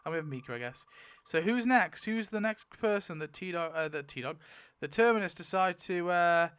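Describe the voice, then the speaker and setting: A man thinking aloud in casual commentary as he spins a wheel to rewrite a story, swinging to loud outbursts. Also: high-pitched, expressive, normal speed, clear, resonant tone. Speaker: YouTuber.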